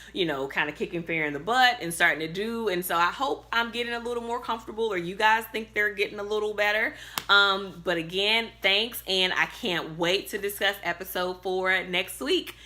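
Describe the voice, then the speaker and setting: In her bedroom, a TV recap vlogger talks to camera about an episode, her fairly low voice pushed and bright. It's casual, chatty recap talk packed with fillers, and she gets increasingly worked up.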